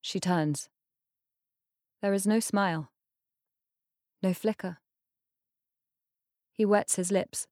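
A woman narrating an audiobook in a measured, unhurried storytelling manner. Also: medium pitch, a little mellow, no echo, clean studio sound. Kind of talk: scripted narration.

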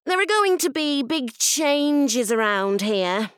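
A woman narrator putting on the voice of a grumpy, stern female head teacher, announcing briskly. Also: sits high, sing-song, no echo, clean studio sound, voice pushed up, exaggerated voice.

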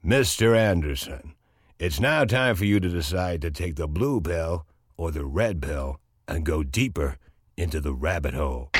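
A man doing a grave, deep film mentor. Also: close to an everyday voice. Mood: solemn. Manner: grave, measured, portentous. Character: solemn mentor man offering a choice.

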